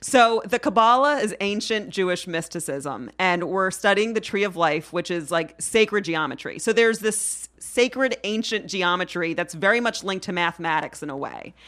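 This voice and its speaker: A woman's voice: on the low side, lively intonation, moderate pace, hardly any pauses, a bit bright. A woman talking as a podcast guest in a casual, playful way, sometimes slipping into a mock-formal voice.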